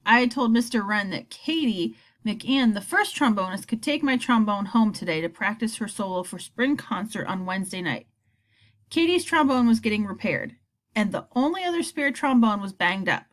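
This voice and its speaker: Lively woman reading a children's novel. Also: mid-range voice, moderate pace. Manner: expressive first-person storytelling. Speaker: audiobook reader.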